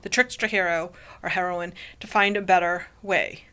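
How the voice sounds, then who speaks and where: A woman voicing a clever female trickster frog in a told fable, speaking calmly and firmly. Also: lowish voice, normal speed, clean tone.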